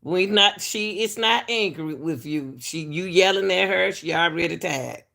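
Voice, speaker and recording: A woman's voice: fairly low pitch, lively intonation, measured pace, gravelly, pushed and bright. A woman hosting an online commentary show, talking straight to her viewers in a chatty way and chuckling between points. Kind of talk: casual commentary.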